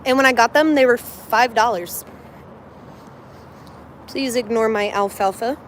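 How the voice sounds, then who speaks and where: A woman's voice: a little high, measured pace, slight background noise. A young woman chatting casually on a livestream from a hotel room, thanking viewers and scolding her puppy.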